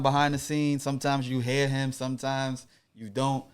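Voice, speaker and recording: A man's voice: mid-range voice, level tone, normal speed, clear, resonant tone. A man hosting a podcast, talking casually with friends and breaking into laughs. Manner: hype intro shouting, laughs often. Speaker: podcast host.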